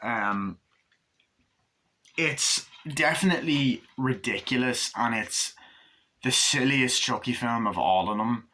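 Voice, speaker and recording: Guy doing a chill movie review, kinda rambly and sweary, bright punchy voice. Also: medium pitch, takes it slowly, long pauses. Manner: rambling, excitable, swears freely. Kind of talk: casual spoken movie review.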